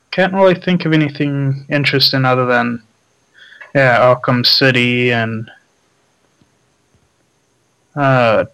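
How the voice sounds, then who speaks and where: A man co-hosting a casual gaming chat, relaxed and trailing off with filler words. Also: on the high side, clear, resonant tone, poor audio. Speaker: podcast co-host.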